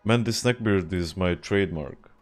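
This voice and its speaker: A man's voice: low voice, normal speed. A young man from Serbia, chatting casually and profanely while streaming a game, often laughing. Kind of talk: casual livestream chat while gaming.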